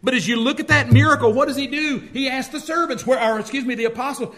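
With an extremely high, pushed and bright voice, this man preaches quickly and barely pauses. As a pastor delivering a sermon, he tells stories and performs the speech of those he quotes.

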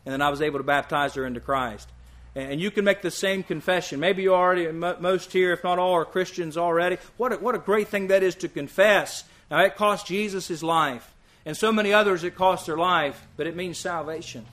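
High, bright-voiced earnest male preacher. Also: brisk. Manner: earnest, emphatic, repeats key lines. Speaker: visiting preacher. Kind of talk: sermon.

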